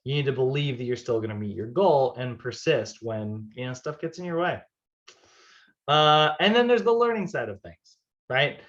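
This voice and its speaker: A man's voice: mid-range voice, animated, moderate pace. Male fitness instructor, casual lecture, chatty with filler words, slightly dull recording. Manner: casual, chatty, many fillers, laughs easily. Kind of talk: classroom lecture.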